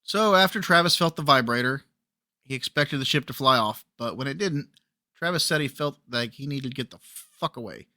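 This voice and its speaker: A man co-hosting a podcast, reading the story slowly and cracking crude jokes with giggles. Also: medium pitch, lively intonation, sharp tone. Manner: slow, giggly crude joking. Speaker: podcast co-host. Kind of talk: casual storytelling chat.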